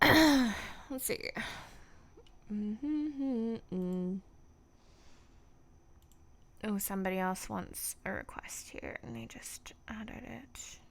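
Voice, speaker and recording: A woman voice actor chatting casually on a livestream from home, self-deprecating, laughing often and filling pauses with ums. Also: mid-range voice, a bit bright. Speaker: voice actor streamer.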